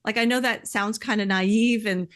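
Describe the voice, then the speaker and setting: A woman speaking in earnest, conversational podcast talk, heartfelt and animated, often filling with "like" and "you know.". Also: medium pitch, moderate pace. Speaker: podcast speaker sharing personal experience.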